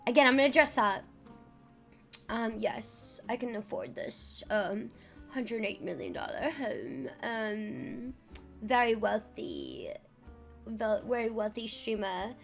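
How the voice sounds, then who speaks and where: A young woman streamer chatting and joking as she reacts live, with frequent fillers. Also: fairly high pitch.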